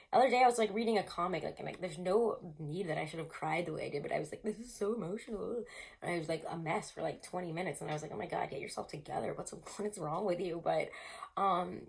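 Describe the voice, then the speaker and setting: A woman's voice: fairly low pitch, vocal fry. A woman giving a casual tarot reading to camera, chatty and rambling, full of fillers, often laughing. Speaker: tarot reader.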